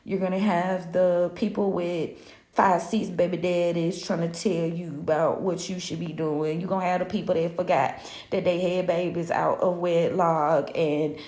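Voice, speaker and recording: A woman's voice: fairly low pitch, little pitch movement, normal speed, a little mellow, echoey room. A woman hosting a live spiritual reading, ranting casually in a sassy, profane way and laughing often. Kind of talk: casual live-stream rant.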